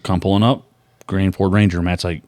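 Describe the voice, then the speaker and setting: On a dry recording, a young adult man hosts a podcast in a low voice at normal speed. His casual story gets lively as he acts out each person he quotes.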